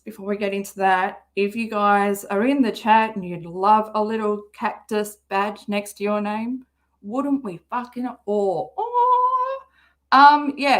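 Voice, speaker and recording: An Australian woman hosting a casual livestream, rambling and swearing often, with a slightly hoarse throat. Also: medium pitch. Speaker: livestream host.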